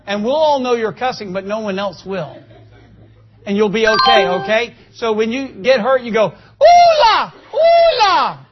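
Folksy high-voiced preacher. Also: male voice, normal speed, highs cut off, heavy background noise. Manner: folksy, joking, calls for amens. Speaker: pastor. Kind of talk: sermon. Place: church.

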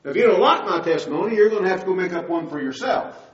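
A man's voice: high voice, animated, fast. An older man preaching a sermon, telling his testimony in a conversational storytelling way that rises to emphatic moments. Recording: distant, roomy, dull-sounding recording.

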